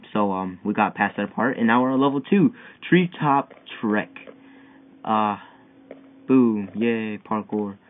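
A young man giving excitable, frustrated commentary while playing a parkour game, yelping at each failed jump. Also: lowish voice. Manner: excitable, yelping and whining at failures. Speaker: gamer. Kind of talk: gameplay commentary. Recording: tinny phone-like mic with faint hiss.

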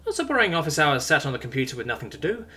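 Male narrator's bright, blunt young woman governor, raised pitch, unbudging. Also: very animated, very fast, husky, faint music behind, exaggerated voice. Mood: insistent. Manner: blunt, stubborn, matter-of-fact.

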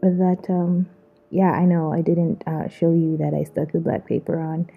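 A woman's voice: deep voice, flat delivery, creaky, breathy edge. A woman from Zambia narrating her own vlog in a casual, playful, self-mocking way. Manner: playful, self-mocking, drawn-out slang asides. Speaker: vlogger. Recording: muffled phone-like mic.

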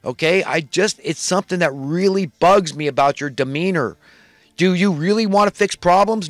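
A man's voice: sits high, moderate pace, no echo. A man delivering a heated, blunt monologue as a political commentator. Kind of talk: ranting monologue.

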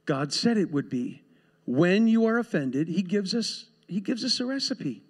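High-voiced man preaching a sermon. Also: very animated, a little slow. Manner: conversational preaching with asides and laughs. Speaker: pastor. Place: church sanctuary.

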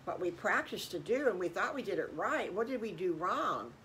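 A woman's voice: medium pitch, very animated, normal speed, fairly bright tone, a little hiss or hum, rough recording. An older woman voicing frightened little circus children who plead and stammer in a raised voice. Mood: worried.

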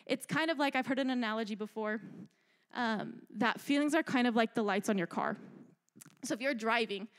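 A young adult woman delivers a youth sermon with a fairly high voice. She talks in an animated, chatty way and keeps checking in with her listeners. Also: moderate pace. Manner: animated, chatty, asks "right?" a lot. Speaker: youth speaker.

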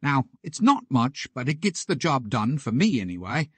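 Chatty man with lively pitch. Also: normal speed, slightly rough, no room sound. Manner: chatty, explanatory. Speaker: tech video host. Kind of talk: tutorial narration.

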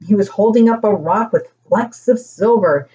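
An older woman reading a children's storybook aloud, animated as she voices the grandchildren and grandparents. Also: moderate pace, dull audio. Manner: animated, pitching up for children's lines.

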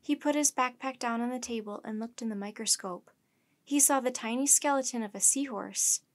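Female storyteller for a kids' chapter book; gentle, measured, slightly high voice. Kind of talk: reading a children's book aloud.

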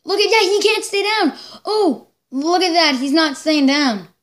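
Excitable high-voiced woman reacting live. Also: unhurried. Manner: excitable, exclaiming and laughing along. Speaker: reaction video host.

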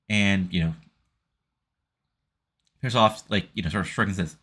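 A man's voice: low-pitched, normal speed, pauses often, fairly bright tone. A man casually recapping a wrestling simulation game, rambling with lots of "you know" fillers. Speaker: let's-play host recapping a wrestling sim.

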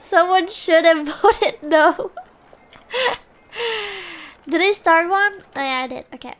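A woman with an extremely high, fairly bright voice speaks slowly while streaming a game, with faint music in the background. She chats casually and giggles a lot between lines, cheering or groaning at what happens on screen.

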